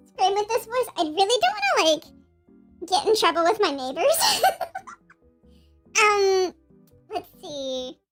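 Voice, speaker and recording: A tiny, squeaky minion creature giggles and rambles through live stream chatter. The voice sits extremely high and bounces around a lot. Soft music plays faintly underneath. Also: female voice, very animated, slow, pauses often, heavily acted. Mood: giggly. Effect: pitch-raising voice changer.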